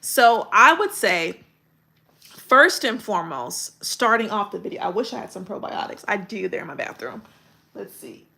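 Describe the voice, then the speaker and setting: A woman coaching content creators in a livestream video critique, talking in a direct, colloquial and animated way. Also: medium pitch, normal speed, vocal fry.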